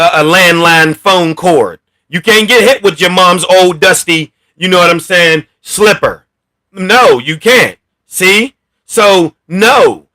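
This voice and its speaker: A man hosting a casual commentary rant, blunt and profane, talking with animated energy. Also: sits high. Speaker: commentary channel host.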